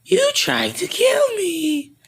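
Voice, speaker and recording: A man's voice: very high voice, huge pitch swings, slow pace, gravelly, voice pushed up, exaggerated voice. A man voicing a giddy, childish male monster villain with a scratchy voice, squealing and cackling in broken third-person speech. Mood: gleeful menace.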